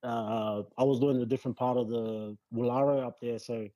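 A man, a rugby league player telling his story as a guest in a casual interview, relaxed and rambling with lots of fillers. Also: mid-range voice, a little fast, dry recording, lo-fi sound. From New Zealand.

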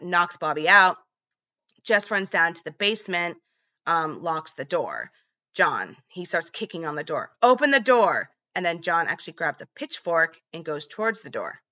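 A woman's voice: lowish voice, sharp tone, highs cut off. A woman casually retelling a movie's plot in a chatty vlog, with lots of fillers. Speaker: movie recap vlogger.

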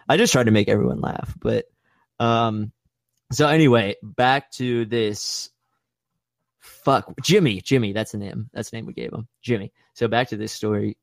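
A young man casually telling a profane, playful story and acting out other people's voices with big jumps in pitch. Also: steady tone, normal speed, creaky, no echo, studio quality.

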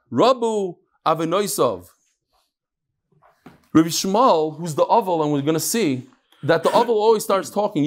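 Man teaching a text class, higher voice. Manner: storytelling, acts out quoted voices; reads text then explains casually. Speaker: Talmud teacher. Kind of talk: Talmud class lecture.

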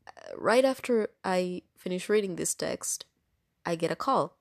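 A woman's voice: fairly low pitch, animated, unhurried, gravelly, no echo, clean studio sound. A woman telling a story in casual chat, rambling along with lots of fillers. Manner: chatty, rambling with many fillers. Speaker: storytime vlogger.

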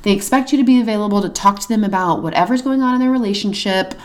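A woman's voice: medium pitch, rapid-fire. A woman co-hosting a casual advice conversation, chatty with lots of fillers, who acts out the things she would say to friends. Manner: chatty, frequent "like" and "you know" fillers. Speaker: podcast co-host.

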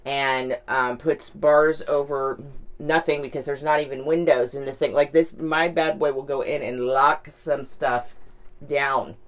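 A woman's voice: rumbling low, fairly even intonation, unhurried. A woman talking candidly in a casual reflective monologue, rambling, with lots of "like" and "right?".

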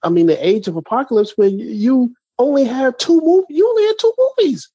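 A man's voice: extremely high pitch, fairly quick, slightly rough, no echo, lo-fi sound. A man co-hosting a podcast, ranting in casual chat with lots of restarts. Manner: animated, ranting, many restarts. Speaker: podcast co-host.

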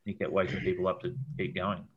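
Man, low voice, rambling anecdote with plenty of ums and restarts. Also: completely flat delivery, fast talker, breathy edge, dull audio. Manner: rambling, with many fillers and repeated words. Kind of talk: casual storytelling chat.

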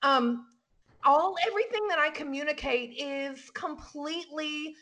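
This is a loud, boastful cougar of a realtor, put on by a woman in a comedy podcast sketch. The voice sits high and gravelly, and she talks bossy and catty, bragging about herself. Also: measured pace, exaggerated voice. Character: brash flirty middle-aged woman realtor, self-styled cougar. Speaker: comic character in a podcast sketch.

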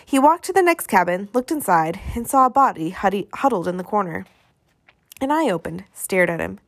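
A woman's voice: medium pitch, very animated, normal speed, dry recording. A woman reading a children's novel aloud, her voice rising and falling with plenty of expression. The sound is close and completely dry, with no room in it at all. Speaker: reader.

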